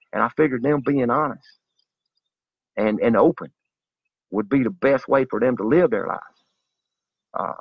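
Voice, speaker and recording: A man's voice: mid-range voice, creaky, breathy edge, dry recording. A man delivering a zealous, preachy monologue straight to his viewers in a slightly dull lo-fi recording. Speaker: vlogger. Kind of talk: earnest direct-to-camera monologue.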